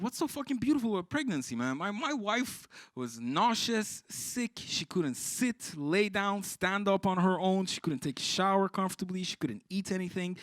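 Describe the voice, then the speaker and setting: Animated stand-up comedian from Iran. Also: male voice, high voice, no room sound. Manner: animated, swearing, exclaiming punchlines. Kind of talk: live stand-up storytelling. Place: live comedy stage.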